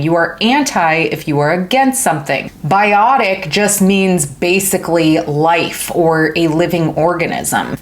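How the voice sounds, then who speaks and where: A woman hosting a casual science explainer video, joking and playful as she teaches. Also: on the low side. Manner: playful, jokey, animated delivery. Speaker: educational video host.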